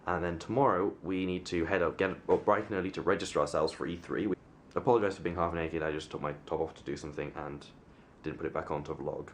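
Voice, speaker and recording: A young Englishman talks to his camera in a hotel room, rambling and poking fun at himself, his voice sitting very low. Faint background noise runs under his casual, filler-heavy chat. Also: steady tone, fast talker. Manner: rambling, self-mocking, many fillers and restarts. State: sunburnt. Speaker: vlogger.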